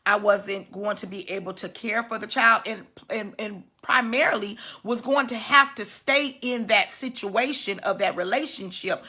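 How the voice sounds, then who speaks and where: A woman in her fifties giving a personal testimony, emotional and halting, her voice often dropping soft and low. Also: breathy edge. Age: 50s. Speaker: women's healing teacher sharing her story.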